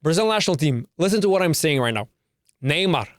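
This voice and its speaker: Young male podcast host, slightly high voice, brash and emphatic, dry close sound. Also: animated, fast talker, no echo. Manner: brash, emphatic, repeats himself, swears. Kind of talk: casual solo podcast rant.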